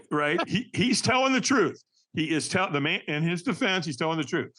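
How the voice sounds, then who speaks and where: A man tells a story with a lively, swooping voice that sits a little high. He acts out what others said in changing voices and calls the host Doc. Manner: acts out quotes with shifting voices. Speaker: podcast guest, firewalking instructor. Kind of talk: animated storytelling.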